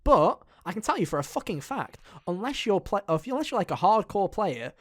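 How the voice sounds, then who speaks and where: A man's voice: sits high, big pitch swings, a little fast. A man chatting casually on a gaming podcast, rambling and swearing with lots of fillers. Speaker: podcast co-host.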